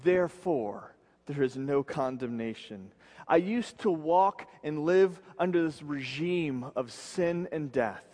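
A man preaching a sermon as pastor, earnest, slowing and dropping his voice low to stress key words. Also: animated, a little mellow, big-room sound. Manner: earnest, slows and drops low for emphasis.

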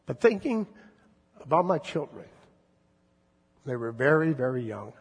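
A man in his fifties, a pastor giving an earnest, gentle sermon with slow, drawn-out emphasis and a husky voice. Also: medium pitch, big pitch swings, big-room sound.

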